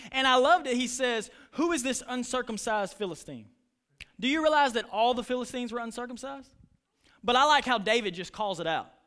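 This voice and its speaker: A man's voice: very high voice, fairly bright tone. A man preaching a sermon as pastor, telling stories and acting out lines with passion. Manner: impassioned preaching, retelling stories with voices.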